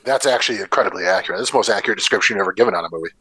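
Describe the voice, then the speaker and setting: A man's voice: lowish voice, very fast, slightly rough, dry recording. A man co-hosting a casual movie podcast, sarcastic and swearing freely as he trades opinions. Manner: sarcastic, swears freely, lively mock impressions. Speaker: podcast co-host. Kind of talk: casual movie review chat.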